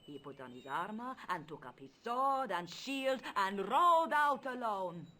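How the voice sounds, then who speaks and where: An actress voicing a proud, formal countess in a video game, with an imperious, dramatic manner. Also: female voice, mid-range voice, sing-song, unhurried, sharp tone, a little hiss or hum. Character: proud Spanish countess, haughty, bitter, later hopeful.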